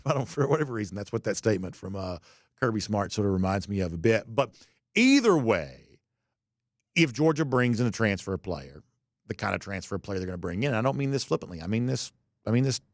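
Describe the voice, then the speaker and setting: A man's voice: mid-range voice, dry recording. Male sports-talk host, conversational, folksy, dry booth sound. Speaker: podcast host. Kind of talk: sports commentary monologue.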